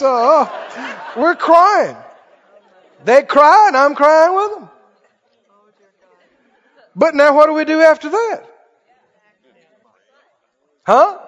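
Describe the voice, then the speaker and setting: Male preacher, very high and animated voice, dull recording with a long hall echo. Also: a little slow, pauses often, some chatter behind. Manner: storytelling with rhetorical questions, laughing at himself. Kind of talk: sermon.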